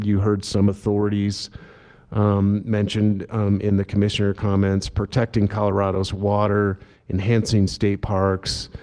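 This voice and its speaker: A man speaking at a public commission meeting, talking in a halting way with many fillers and restarts. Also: lowish voice. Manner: self-described monotone delivery. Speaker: agency director at a commission meeting. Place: meeting room.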